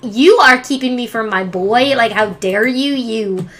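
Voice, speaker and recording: A woman's voice: fairly high pitch, lively intonation, measured pace, fairly bright tone. A woman voicing an indignant young father who wants time with his son, in her own everyday voice. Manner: indignant, demanding.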